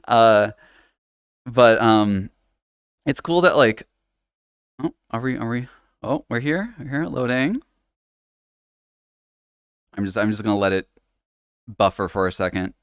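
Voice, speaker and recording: A man's voice: medium pitch, big pitch swings, slow, long pauses, clear, resonant tone, dry recording. Rambling, laughing male streamer, dry sound. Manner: rambling, fillers and restarts, frequent laughs; swears casually. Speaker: livestreamer. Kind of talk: casual live-stream chat. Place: home setup playing in virtual reality.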